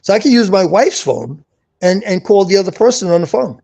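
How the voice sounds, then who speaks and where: A man's voice: high voice, animated, brisk, creaky, dark tone. A man hosting a live online show, talking casually and insistently, repeating himself and restarting his sentences. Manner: repetitive, insistent, restarts often. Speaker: show host. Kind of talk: casual live-stream chat.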